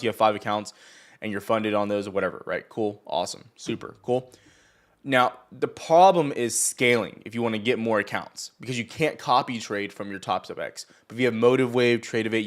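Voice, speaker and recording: A man's voice: fairly low pitch, brisk. A man hosting a casual live market chat from home, rambling and joking in a boastful, teasing way. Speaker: livestream host.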